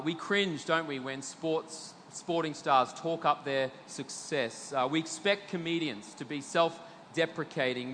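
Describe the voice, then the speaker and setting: High, bright Australian preacher in a hall. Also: male voice, a little hiss or hum. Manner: emphatic preacher, swelling to loud peaks then dropping low and slow. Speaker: pastor. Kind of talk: sermon.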